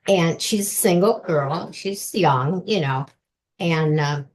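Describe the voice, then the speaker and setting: A woman's voice: sits low, slow pace. A woman guest author telling personal stories in a chatty way and laughing often during an interview. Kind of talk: casual interview chat.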